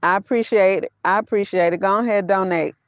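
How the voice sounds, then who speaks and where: Livestreaming from her van, a vanlife vlogger talks straight to her audience in a medium-pitched, fairly even voice at a slightly fast pace. She laughs a lot and repeats phrases, and the dry recording sounds dull and lo-fi.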